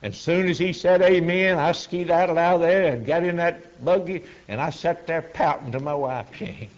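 A man's voice: a little high, moderate pace, pitched above the performer's own voice, lightly acted. A man voicing an older country man recounting his conversion in a plain, folksy way, on a dull, lo-fi sermon recording. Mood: indignant. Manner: plain-spoken, folksy storytelling.

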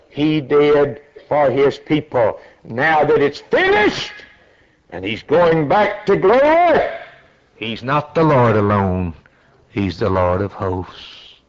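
A man preaching at an unhurried, deliberate pace. His delivery is dramatic, rising to loud, high-pitched cries. The recording is dull and lo-fi. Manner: slow, dramatic preaching that climbs to high shouted peaks. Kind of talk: sermon.

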